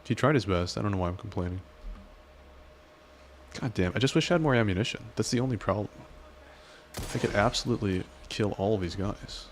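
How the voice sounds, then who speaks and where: A young man with a very low voice talks through a shooter game. He mutters curses and narrates his moves to himself. The tone is casual chat among friends. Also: fairly quick, pauses often, slight background noise. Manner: cursing, muttering to himself while playing. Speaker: streamer playing a shooter game.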